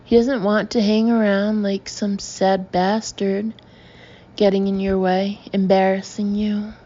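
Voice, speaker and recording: A woman's voice: medium pitch, little pitch movement, measured pace, dark tone, muffled recording, close to an everyday voice. A woman reading the part of an arrogant, impatient young man with a dismissive manner.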